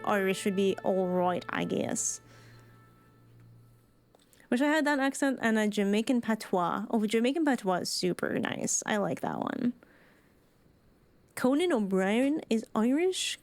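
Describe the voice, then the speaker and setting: A woman's voice: fairly high pitch, no echo. A woman streamer giving chatty, playful commentary while playing a story game, drifting into rambling asides. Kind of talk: casual let's-play commentary.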